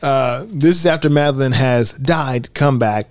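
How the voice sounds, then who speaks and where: A man co-hosting a casual film podcast, reading favorite movie quotes aloud in a relaxed way. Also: medium pitch, measured pace, dry recording, studio quality. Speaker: podcast co-host. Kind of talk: casual film commentary chat.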